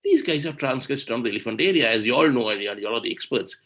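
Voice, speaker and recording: A man's voice: medium pitch, animated, fast talker, fairly bright tone. A man giving an impassioned webinar talk on environmental law, indignant and full of rhetorical questions, over a video call. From Sri Lanka.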